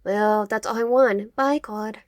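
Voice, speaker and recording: A woman's voice: medium pitch, fairly even intonation, unhurried, dry recording, clean studio sound, lightly acted. Curt twin sister, as a woman reads her.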